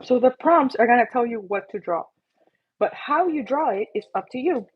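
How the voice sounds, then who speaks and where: A woman's voice: a little high, lively intonation, moderate pace, slightly rough, highs cut off. Bubbly woman livestreamer with a scratchy throat. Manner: bubbly, chatty, self-mocking. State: coughing, itchy throat. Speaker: livestream host and app creator. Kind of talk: casual livestream chat.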